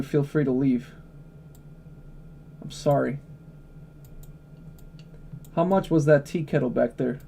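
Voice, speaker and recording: A man's voice: medium pitch, slow pace, vocal fry, long pauses, dark tone, slight background noise. A man chatting casually on a livestream, blunt, opinionated and profane, answering chat questions.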